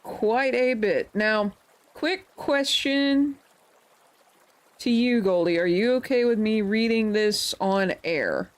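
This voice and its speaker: A woman's voice: on the high side, slow pace. A woman hosting a livestream, talking casually with her chat. She is playful and laughs often, and she tosses out mock-offended comebacks when teased.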